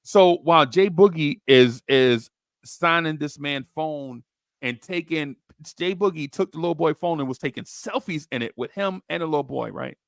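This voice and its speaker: A man hosts a basketball podcast in slangy, animated chat, with a gravelly edge to a voice pitched a little high. The sound is dry and close, with no room around it. He tells stories with plenty of energy. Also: normal speed, dry recording. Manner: slangy, excitable, acts out quotes in high voices. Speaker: podcast host.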